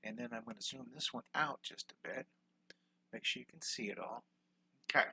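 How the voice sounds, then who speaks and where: A man's voice: medium pitch, normal speed, creaky, very noisy. An older man teaching a live-stream drawing lesson, upbeat and encouraging, greeting viewers while he draws.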